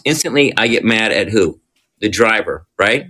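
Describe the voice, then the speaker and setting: A man's voice: fairly low pitch, expressive, measured pace, bright, forceful tone. A man on a podcast, talking casually as a recovery counselor and often checking in with rhetorical questions. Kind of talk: casual explanatory talk.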